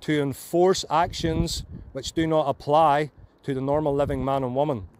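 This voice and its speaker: A man's voice: fairly high pitch, fairly even intonation, normal speed. A Northern Irish man in his forties, a driver at a police stop, arguing insistently in formal pseudo-legal phrases, outdoors in the rain. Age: 40s. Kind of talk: argumentative roadside exchange. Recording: loud wind and traffic noise.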